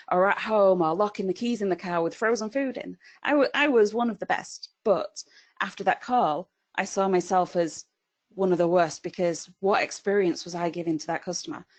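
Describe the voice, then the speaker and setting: A woman, presenting a webinar in a conversational way and telling a personal story to make her point. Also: mid-range voice. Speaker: webinar presenter on call centre coaching.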